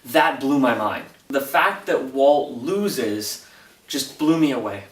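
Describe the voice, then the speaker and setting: A man casually recapping a TV episode as a reviewer, retelling it in an animated, breathless way. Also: mid-range voice, slow pace, recorded from a distance. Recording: roomy echo, voice off-mic.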